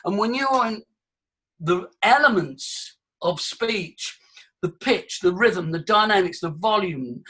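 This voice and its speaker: Older male voice coach addressing a crowd: high, bright, sharp delivery, theatrical. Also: animated, slow pace, husky. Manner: exuberant, theatrical, swings between loud and soft. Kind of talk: talk to a live audience.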